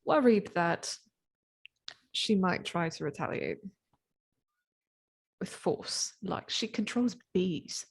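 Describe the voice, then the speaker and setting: A woman's voice: on the low side, expressive, slow pace, vocal fry, pauses often, husky. A woman playing a tabletop game, talking bluntly and casually. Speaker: player.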